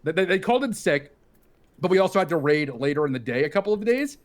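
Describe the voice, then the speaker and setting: Fast-talking exasperated man telling a story. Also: on the high side, very animated. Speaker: friend in a gaming voice chat. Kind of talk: casual storytelling chat.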